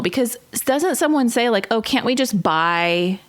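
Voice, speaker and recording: A woman's voice: medium pitch, lively intonation, normal speed. A woman co-hosting a podcast, chatting casually and in an exasperated way, with lots of "like". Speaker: podcast co-host. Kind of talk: casual chat recapping a reality show.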